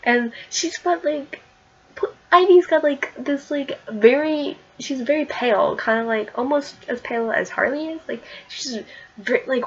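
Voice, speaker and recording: A woman's voice: fairly high pitch, lo-fi sound, slight background noise. A woman casually talking through a comic issue in a chatty vlog, full of fillers and giggles. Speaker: comic book reviewer.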